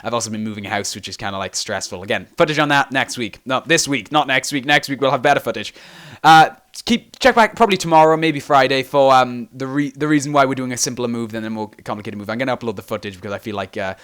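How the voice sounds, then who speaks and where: A man's voice: medium pitch, fast, a bit bright, clean tone. A young man hosting a casual game tutorial, rambling and self-deprecating, sounding tired. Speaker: video game tutorial host.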